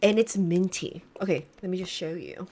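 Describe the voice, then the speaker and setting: A young woman co-hosting a casual livestream podcast, playful and animated, gushing as she shows off beauty products. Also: on the low side, moderate pace, a little hiss or hum. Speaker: podcast co-host.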